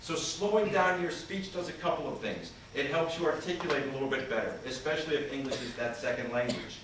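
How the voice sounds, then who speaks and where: A man's voice: mid-range voice, expressive, quick pace. A man who trains people in communication, giving an interactive seminar presentation and putting questions to his audience. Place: large conference hall. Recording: echoey hall, voice far from the mic, faint noise.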